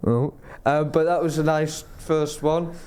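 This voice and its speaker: A man's voice: fairly high pitch, little pitch movement, a little slow, a little mellow, clear, resonant tone. A man telling casual stories as a podcast guest, rambling and self-interrupting and laughing as he talks. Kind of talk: casual storytelling.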